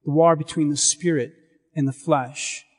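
Male priest, slightly higher voice, measured solemn delivery, long church reverb. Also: steady tone. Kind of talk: liturgical reading and sermon.

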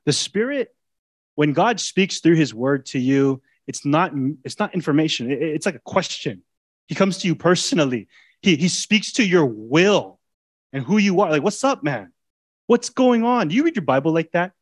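A man preaching a sermon as a pastor, speaking in a conversational way that swings between loud, emphatic lines and quiet, intimate asides. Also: on the high side, expressive, normal speed, no room sound. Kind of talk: expository sermon.

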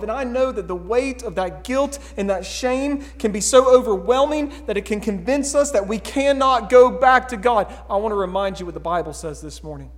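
A man preaching a sermon as pastor, earnest and pleading, dropping to a hush and rising to emphatic calls. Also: high voice, normal speed, hardly any pauses. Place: church sanctuary. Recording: long hall reverb.

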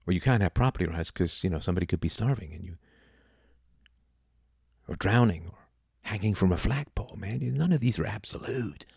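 A middle-aged man talking casually about philosophy, animated, dipping into mocking impressions. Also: sits low, fairly quick, gravelly, slightly rough, dry recording, studio quality. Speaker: podcast host.

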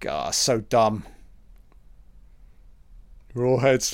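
Slow, sarcastic man. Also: on the low side, gravelly, no room sound. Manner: crude, sarcastic, swears often. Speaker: film commentator. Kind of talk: casual film commentary. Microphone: home mic, audio only.

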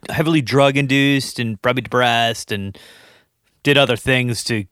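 A man from New England talks through a movie in casual podcast chat. His voice is bright and forward, and the sound is dry and close to the mic. He rambles, trips over his words and restarts with animated asides. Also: mid-range voice, normal speed, clean tone, no echo. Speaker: podcast co-host.

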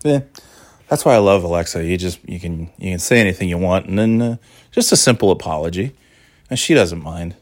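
A man's voice: low-pitched, expressive, a little fast, no echo, clean studio sound. A man from New England in a rambling, self-mocking monologue, exasperated at times.

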